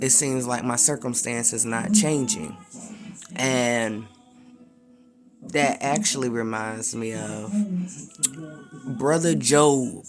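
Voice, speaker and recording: A man gives a relaxed, slangy talk of encouragement, peppered with asides to his listeners. He speaks slowly, and his voice has a gravelly, fry-laden texture. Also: medium pitch. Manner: slangy, conversational, repetitive fillers. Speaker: preacher.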